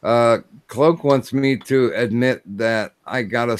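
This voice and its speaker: A man hosting a casual livestream chat, talking in a halting way with many fillers and restarts. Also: mid-range voice, clear, resonant tone, no room sound. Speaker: stream host.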